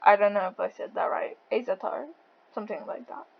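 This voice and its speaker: A woman interviewing a guest over voice chat, blunt and quick to laugh, with a thick accent and a habit of swearing. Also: mid-range voice, gravelly, muffled recording. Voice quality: says she has a thick accent.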